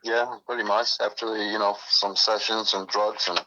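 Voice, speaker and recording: A military veteran telling a story in a rambling, self-interrupting way over a phone call. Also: male voice, lowish voice, flat delivery, moderate pace, bright, forceful tone, a little hiss or hum. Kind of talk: casual storytelling. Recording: muffled phone line.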